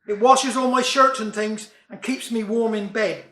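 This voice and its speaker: A man's voice: sits high, steady tone, moderate pace, sharp tone, echoey room. A man reciting comic verse and jokes in broad dialect with a wry delivery. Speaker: storyteller.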